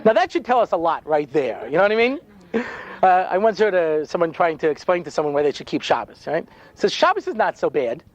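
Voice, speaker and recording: A man's voice: a little high, big pitch swings, brisk, muffled recording. A man speaking as a rabbi, telling stories with wry sarcasm and lots of asides in a humorous lecture.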